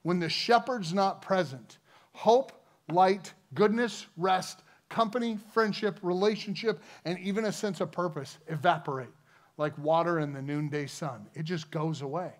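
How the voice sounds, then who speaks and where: A high-voiced man preaches earnestly with a Midwestern American accent. He reads scripture slowly and deliberately, then presses his point with conviction. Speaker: pastor. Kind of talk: sermon. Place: church sanctuary.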